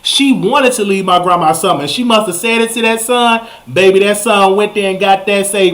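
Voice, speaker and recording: A young man hosting a talk show, telling a story in a comic rant that jumps up into high exclamations. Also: normal speed, few pauses. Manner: animated, jumps to high exclamations, repeats himself. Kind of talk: comedic ranting storytelling.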